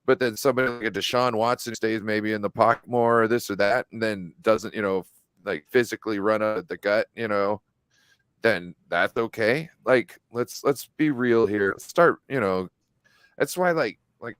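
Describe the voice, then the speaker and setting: Guy cohosting a sports podcast on a video call, kinda low smooth voice, blunt and animated, says "like" a ton, dry sound. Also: no room sound. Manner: blunt, animated, lots of "you know" and "like". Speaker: podcast co-host. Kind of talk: casual sports chat. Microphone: online call connection.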